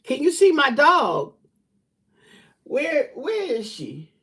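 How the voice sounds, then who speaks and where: A woman's voice: high voice, huge pitch swings, takes it slowly, a bit bright. A middle-aged woman hosting a casual chat with online viewers. She talks in an emphatic, preachy way, repeats herself and laughs a lot. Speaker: livestream host.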